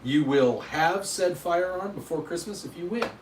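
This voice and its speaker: A man's voice: on the high side, normal speed, a little hiss or hum. Rambling man on a roomy livestream. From Utah, USA. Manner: rambling, self-deprecating, answers chat. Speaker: livestream host. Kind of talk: casual livestream chat reading comments. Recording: echoey room, mic at a distance.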